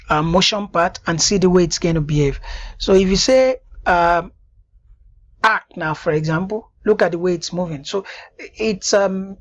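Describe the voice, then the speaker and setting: A woman giving a screen-recorded software tutorial, stopping often to check that the viewer understands. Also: on the low side, highs cut off. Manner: repeatedly checks "do you understand that now?".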